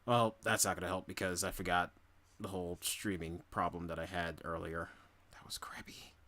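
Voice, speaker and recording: A man's voice: sits low, level tone, fairly quick, sharp tone. A young man from New York City chatting casually during a live drawing stream, rambling and humming to himself between remarks.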